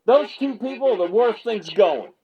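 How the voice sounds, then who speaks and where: Fired-up husky man ranting. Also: high-pitched, normal speed, phone-quality sound. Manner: fired-up, ranting, repeats himself, stammers when excited. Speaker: MMA media commentator and channel host. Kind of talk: reaction video rant. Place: small home video set.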